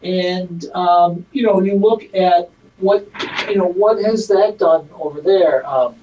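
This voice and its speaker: A man's voice: sits high, takes it slowly, highs cut off, a little hiss or hum. A man being interviewed as a community activist, talking casually and emphatically with many fillers and restarts, and acting out quotes in a livelier voice.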